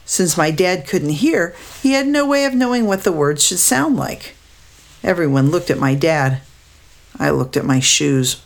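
A woman narrating a storybook aloud in a steady, descriptive way. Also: lowish voice, measured pace, gravelly.

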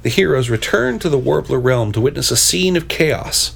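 A man reading a storybook aloud, pausing to describe its pictures with hesitant asides between the expressive narration. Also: medium pitch, creaky, slightly rough.

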